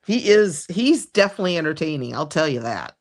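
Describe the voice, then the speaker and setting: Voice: mid-range voice, very animated, fairly quick. This is a livestream host in loose, casual conversation, rambling from one thing to the next. Sentences often trail off or restart partway through, in an easygoing, talkative way. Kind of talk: casual chat.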